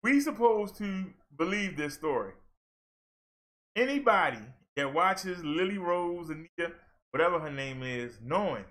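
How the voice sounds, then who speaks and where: This man's voice runs on the high side and a bit bright as he vents through his commentary vlog. Exasperated and scolding, he imitates people in mocking put-on voices.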